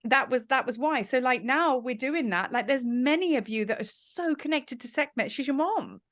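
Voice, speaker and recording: Woman leading a soft guided meditation. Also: high-pitched, normal speed. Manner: lively, excited chatter with laughter. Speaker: spiritual teacher leading a live group. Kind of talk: guided meditation, then casual group chat. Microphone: video call.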